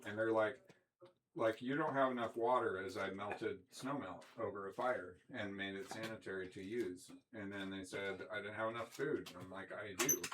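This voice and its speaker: A young man with a lowish voice, talking loosely and hesitantly and filling his sentences with "like" and "um". There is a faint noise under his voice. He sounds casual and unpolished, thinking aloud as he goes. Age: young adult. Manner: rambling, hesitant, fillers like "like" and "um". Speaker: host of the conversation. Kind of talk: casual conversation.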